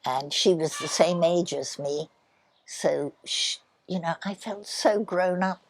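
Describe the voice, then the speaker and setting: An older woman telling childhood stories in an interview, speaking softly and sometimes dropping to a near whisper. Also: lowish voice. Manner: soft, unhurried, drops to a near whisper. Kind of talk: reminiscing storytelling.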